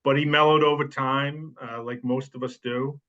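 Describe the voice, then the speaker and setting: Bright-voiced man telling long rambling stories. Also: mid-range voice, fairly even intonation, moderate pace. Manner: rambling storytelling with many fillers. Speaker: sports writer co-host. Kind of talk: casual podcast chat. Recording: dull lo-fi sound.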